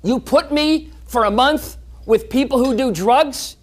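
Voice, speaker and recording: A speaker giving a motivational talk at a club meeting, animated, telling stories and often repeating words on restarts. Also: sits high, a little slow.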